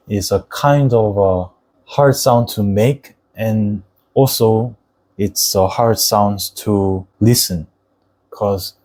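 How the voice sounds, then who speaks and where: In a roughly recorded Korean alphabet lesson, a young native Korean speaker with a darkish, lowish voice teaches patiently. He pronounces Korean words slowly and deliberately as models.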